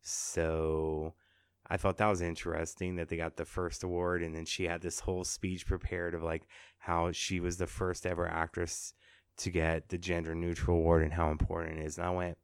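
Deep-voiced man in casual podcast chat. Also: monotone, normal speed, clean tone, dry recording, clean studio sound. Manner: chatty, sarcastic asides. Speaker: podcast host. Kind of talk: casual pop-culture chat.

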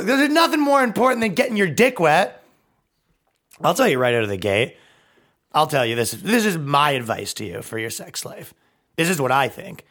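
A man hosting a comedy podcast, delivering a crude, sarcastic monologue and dropping into mocking voices. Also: fairly bright tone. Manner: crude sarcastic riffing, swings between mocking high and low put-on voices. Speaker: podcast host.

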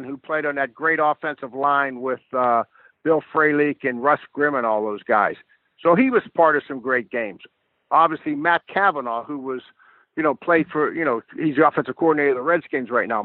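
An older man, a guest football coach, telling animated stories in a podcast chat and repeating words as he starts a thought. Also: a little high, no echo. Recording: dry, tinny phone-like line.

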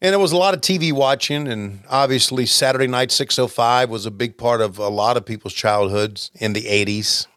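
A man's voice: mid-range voice, fairly quick, few pauses, a bit bright, no room sound, studio quality. A man in his fifties co-hosting a casual chat and reminiscing in an easygoing way. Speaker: podcast co-host.

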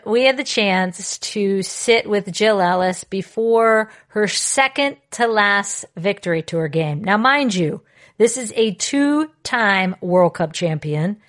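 Playful woman host, mid-pitched, jokey and upbeat, casual interview. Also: takes it slowly. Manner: playful, joking, lively intro. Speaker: podcast host.

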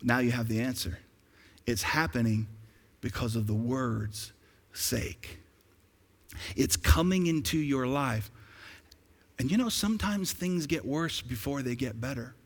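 A man's voice: medium pitch, unhurried, long pauses. A man preaching a sermon as pastor, putting questions to his congregation and building to emphatic peaks. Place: church sanctuary. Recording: long reverb of a large hall.

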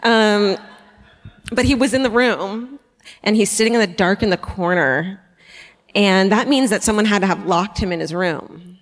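A woman's voice: medium pitch, normal speed. A woman co-hosting a live comedy true-crime podcast, telling the story casually with swearing, laughing asides and acted-out quotes. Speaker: podcast co-host. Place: theatre stage before a live audience. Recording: live theatre with long reverb.

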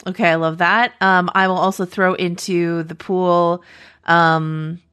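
A woman co-hosting a podcast in casual chat, chatty and quick to laugh, wandering into asides. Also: lowish voice, little pitch movement, fairly bright tone, clean tone. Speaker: podcast co-host.

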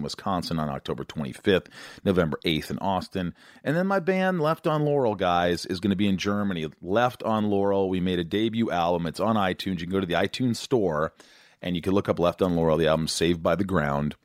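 A man's voice: sits low, animated, fairly quick, no echo, studio quality. A man hosting a podcast, reading an upbeat, promotional show introduction. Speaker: podcast host.

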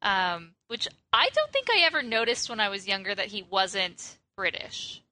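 A woman's voice: mid-range voice, sing-song, sharp tone. A woman co-hosting a casual film podcast, chatty and playful. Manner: chatty, playful, quick to laugh. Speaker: podcast co-host.

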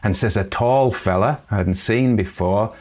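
A man voicing an eager, foolish young country girl who speaks in Northern English dialect and tells her tale excitedly. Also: on the low side, moderate pace, close to an everyday voice.

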